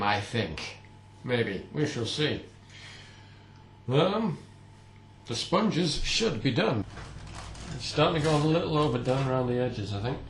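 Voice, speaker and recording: A man's voice: mid-range voice, big pitch swings, unhurried, long pauses, roomy sound, a little hiss or hum. A man chatting casually while he bakes, with playful, self-mocking asides. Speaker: home baker vlogger. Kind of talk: casual cooking vlog. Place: home kitchen.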